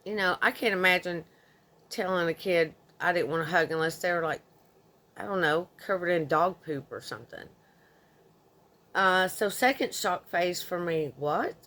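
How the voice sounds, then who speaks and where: Low-voiced woman narrating a story. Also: moderate pace, fairly bright tone. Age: 30s. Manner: indignant, conversational storytelling. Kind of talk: reading a forum story aloud.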